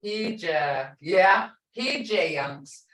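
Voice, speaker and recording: A woman language teacher explains slowly, going over each example word again and again. She sits some distance from her mic, so the voice sounds roomy and a little far off. She is patient and clear. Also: lowish voice, expressive, a bit bright. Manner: slow, patient explaining with repeated example words. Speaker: language instructor. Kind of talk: online language lesson.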